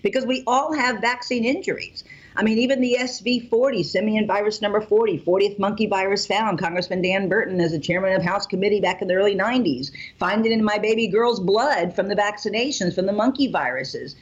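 A woman talking excitedly and emotionally over a call, rambling and gushing as a mother promoting a product. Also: medium pitch, fairly quick, highs cut off.

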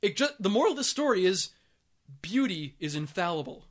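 High-voiced crude podcast man. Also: fairly quick. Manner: crude, deadpan, acts out voices in stories. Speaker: podcast co-host. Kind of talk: casual podcast banter.

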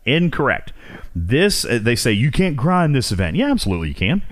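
A man hosting a podcast, chatting casually and excitedly about a mobile game, laughing often and restarting sentences. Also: medium pitch, fairly quick. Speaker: podcast host.

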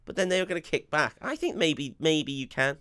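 A man's voice: on the high side, sing-song, brisk, pushed and bright, smooth, no echo, clean studio sound. A man co-hosting a podcast, throwing in jokey asides and chuckling while his friend recaps a film. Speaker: podcast co-host. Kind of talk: casual banter.

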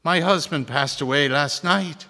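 A man voicing a tearful Irish widow in a deliberately phony Irish accent, telling a joke. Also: fairly high pitch, sharp tone, voice pushed up. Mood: deadpan tearful. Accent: put-on Irish. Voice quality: exaggerated phony brogue. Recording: long hall reverb.

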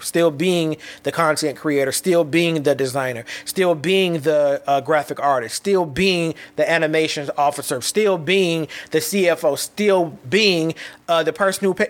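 A man in his thirties hosting a solo motivational podcast, talking candidly and reflectively in casual slang with frequent restarts. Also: fairly high pitch. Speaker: podcast host.

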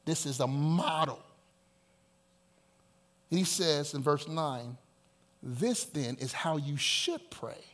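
A male pastor preaching with a high, bright voice. He swings from loud, ringing declarations to hushed, near-whispered lines, and acts out prayers in quoted voices. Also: expressive, slow pace, long pauses. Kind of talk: sermon.

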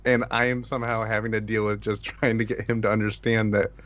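A man's voice: on the low side, level tone, quick pace, a bit bright. A man, a player, recalling a tabletop game moment in a rambling way, full of "just". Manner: rambling, repeats "just", chuckles. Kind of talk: casual chat about a tabletop game. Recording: dull lo-fi sound.

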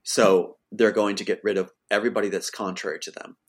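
A man's voice: fairly low pitch, steady tone, a little fast. A man, the guest, telling an emotional personal account in an insistent voice that rises to pleading outbursts.

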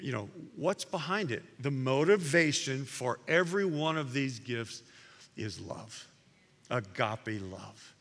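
A man's voice: on the high side, bright, forceful tone. A man preaching a sermon in a conversational way, animatedly retelling stories to his congregation. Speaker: pastor. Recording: long hall reverb.

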